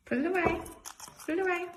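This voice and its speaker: High-voiced woman coaxing a pet. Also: heavy background noise. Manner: coaxing, repeating commands. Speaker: pet owner. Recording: home video with loud dish clatter.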